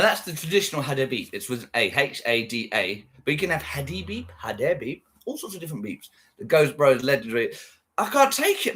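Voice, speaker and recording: A man's voice: a little high, fairly bright tone. Rambling, foul-mouthed livestreamer man. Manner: rambling, swearing, chatting with viewers. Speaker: livestream host. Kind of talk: casual livestream chat.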